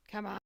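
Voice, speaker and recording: A woman's voice: no room sound, studio quality. A woman hosting a casual livestream, reading funny stories aloud, laughing and greeting her chat.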